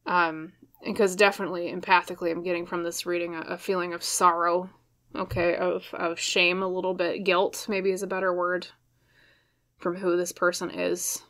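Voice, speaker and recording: Soft-spoken woman reading tarot, low and flat. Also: normal speed. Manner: soft, hesitant, many fillers and restarts. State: choked up, emotional. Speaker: tarot reader. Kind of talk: pick-a-card tarot reading to camera.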